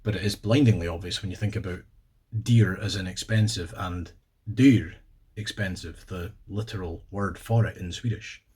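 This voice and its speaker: A man's voice: low voice, moderate pace, darkish tone, husky. A Scottish man hosting a casual video, spelling out words letter by letter and slipping in dry jokes. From Scotland. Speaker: video host. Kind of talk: casual explanatory vlog.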